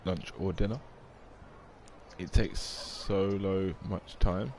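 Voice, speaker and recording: A man's voice: sits low, steady tone, takes it slowly, a little mellow, slight background noise. A man, chatting casually on a live game stream, rambling and reading out viewer comments.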